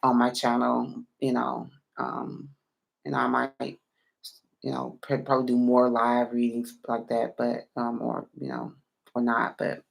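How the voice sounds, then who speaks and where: A woman's voice: rumbling low, monotone, measured pace, creaky. A woman reading tarot on a late-night live stream. She is sleepy and yawning, and she rambles through many fillers while she answers viewers one by one.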